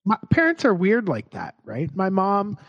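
A man's voice: high voice, wildly swooping pitch, normal speed, no echo, dull audio. A podcast host in casual chat who laughs often and teases his co-host.

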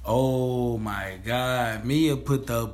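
A man's voice: mid-range voice, drawn-out words, a little mellow. A man co-hosting a casual podcast about TV shows, talking in laid-back slang, laughing often and acting out the characters' lines. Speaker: podcast co-host. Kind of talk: casual TV review chat.

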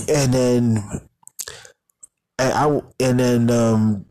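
A man's voice: mid-range voice, steady tone, slow pace, darkish tone, no echo, rough recording. A man casually recapping a TV episode in a rambling, filler-heavy way, often tacking on "though". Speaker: show recapper.

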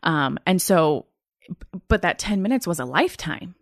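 This is a woman in her thirties telling her own story as a guest in a sit-down interview. Her voice sits slightly low and is recorded close and dry, with no room sound. She speaks earnestly but haltingly, often pausing, restarting and reaching for words. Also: very animated, no echo. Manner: halting, earnest retelling with frequent fillers and restarts. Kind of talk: personal testimony in a sit-down interview.

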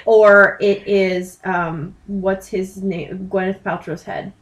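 A woman in casual chat who speaks very slowly, drawing out her words. Her quiet asides come at a mid-range pitch. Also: level tone, low-quality recording.

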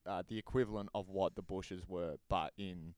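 A man's voice: sits low, steady tone, moderate pace, a little mellow, clear, resonant tone, dry recording. A man co-hosting a casual podcast, rambling with lots of fillers. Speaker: podcast co-host.

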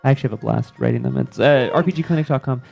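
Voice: mid-range voice, rapid-fire, creaky, mellow, faint music behind. A stream co-host bantering casually, joking and describing a game setting. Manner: joking, laughs often.

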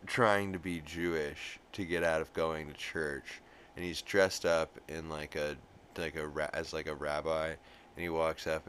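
A man with a very deep voice rambles through an episode recap, swearing freely and filling pauses with ums and you-knows. A light hiss sits under the recording. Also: a bit bright. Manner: rambling, profane, full of fillers. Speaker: podcast host recapping an episode. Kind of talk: casual recap chat.

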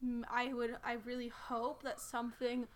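A woman's voice: on the high side, completely flat delivery, normal speed, slight background noise. A woman co-hosting a podcast who talks in an earnest, supportive way in casual chat. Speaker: podcast co-host.

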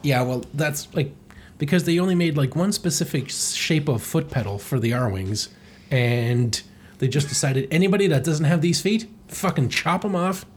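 A man's voice: a little high, expressive, normal speed, a little hiss or hum. A man hosting a podcast, giving a rambling, irreverent comedic recap of a comic and swearing often. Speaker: podcast host.

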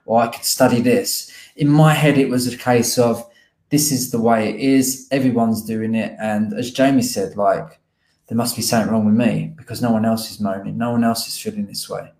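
A man's voice: fairly low pitch, fairly even intonation, normal speed, a little mellow. A man chatting casually and reflectively, a little self-deprecating, as a podcast co-host. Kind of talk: casual chat. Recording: roomy echo.

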